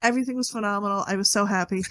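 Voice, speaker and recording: A woman's voice: mid-range voice, fairly even intonation, racing, pushed and bright, no echo. A woman co-hosting a casual podcast, telling a rambling story with lots of "like" and "you know". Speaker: podcast co-host. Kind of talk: casual chat.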